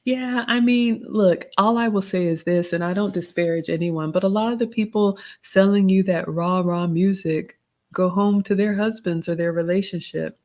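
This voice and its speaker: A middle-aged woman, hosting a live Q&A, reading out chat comments and giving gentle advice in a casual tone. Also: medium pitch, normal speed. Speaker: livestream host answering chat questions.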